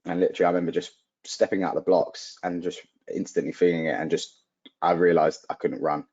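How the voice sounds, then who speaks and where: A young man with a very deep voice tells a personal story as an interview guest. He acts out the people he quotes, with lots of "like" fillers. The audio is dull and lo-fi. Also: little pitch movement, quick pace, darkish tone. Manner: vivid retelling, acting out quoted dialogue, frequent "like" fillers. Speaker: athlete guest.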